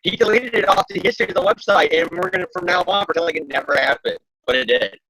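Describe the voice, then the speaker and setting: A man co-hosting a podcast, joking around in casual chat and quick to laugh. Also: a little high, sing-song, sharp tone, slightly rough, low-quality recording. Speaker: podcast co-host.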